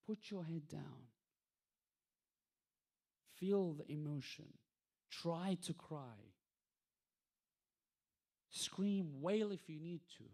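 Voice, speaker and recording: A man's voice: on the high side, animated, drawn-out words, vocal fry, long pauses. Man giving an impassioned religious lecture. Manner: rhetorical questions, swings between soft and emphatic. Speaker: lecturer at an Islamic centre.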